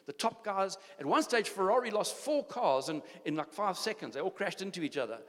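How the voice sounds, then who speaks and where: An older South African pastor preaches a sermon to his congregation, driving his point home with repeated phrases and frequent restarts. His voice sits somewhat high for a man, he speaks briskly and with great animation, and long church-hall reverb trails each phrase.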